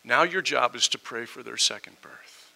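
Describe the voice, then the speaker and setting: A middle-aged man preaching a sermon as a pastor, impassioned, moving between loud emphasis and hushed tones. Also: medium pitch, expressive, moderate pace, vocal fry, poor audio.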